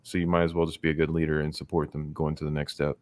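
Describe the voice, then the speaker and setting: A man hosting a podcast, chatting quickly and giving his views at length. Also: a bass voice, little pitch movement, a little mellow, dry recording. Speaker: podcast host. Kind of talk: casual interview chat.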